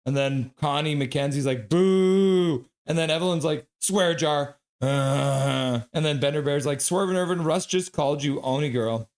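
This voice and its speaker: A man hosting a live hockey stream, calling play-by-play and reading chat aloud, excitable and prone to chanting and yelling. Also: on the high side, unhurried, few pauses.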